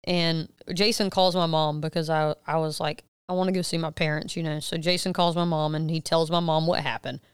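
A woman in her thirties co-hosts a podcast and tells a story in casual chat. She has a very clear, smooth, low-set voice and jumps up loudly whenever she acts out a quote. The recording is dry and close. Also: normal speed, few pauses, no echo. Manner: animated retelling with loud acted quotes and swearing. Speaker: podcast co-host.

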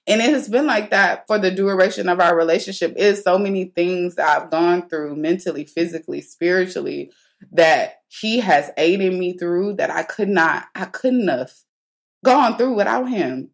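Young adult woman, podcast host, slightly low voice, chatty and candid with slangy asides. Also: normal speed. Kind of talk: casual storytelling monologue.

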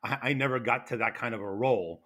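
A man with a New York accent, a retired fire investigator telling stories in a loud, animated way with many restarts. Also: mid-range voice, quick pace, slightly rough. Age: older. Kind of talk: casual interview.

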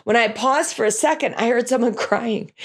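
A woman's voice: on the high side, normal speed. A woman who teaches a children's Bible class tells a story about it, acting out lines and sound effects. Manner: animated, acts out lines and sound effects in voices. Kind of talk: storytelling to an audience.

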